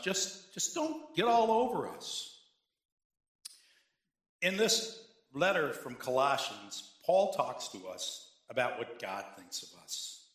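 A high, lively male voice preaching a sermon, bright and forceful in tone. He talks to the congregation casually, tossing in asides and rhetorical questions. The sound rings around a roomy church. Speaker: pastor. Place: church sanctuary.

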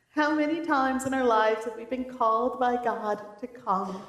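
A woman pastor preaching a sermon, telling the story in a lively, animated way. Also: high-pitched, normal speed, hardly any pauses. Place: church. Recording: roomy church echo.

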